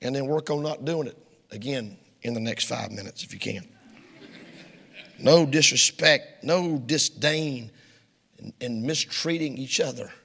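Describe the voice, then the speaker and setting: Gravelly preacher in a reverberant hall. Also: male voice, medium pitch. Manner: folksy, emphatic, swings between shouting and hushed. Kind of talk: sermon. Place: church sanctuary.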